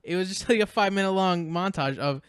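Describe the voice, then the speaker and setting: Man co-host, fairly high smooth voice, rambling recap with jokey mock quotes. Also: fast talker, no echo, studio quality. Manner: rambling, laughs often, mocking quotes. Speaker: podcast co-host. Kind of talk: casual movie recap chat.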